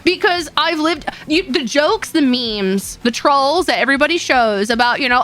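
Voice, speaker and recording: A young Southern woman chatting on her stream. Her voice is high and bright, and it swoops up and down as she tells her stories. She laughs often, and faint music plays in the background. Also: a little slow. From Florida. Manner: bubbly, laughs often, animated storytelling. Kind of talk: casual chat with chat readers.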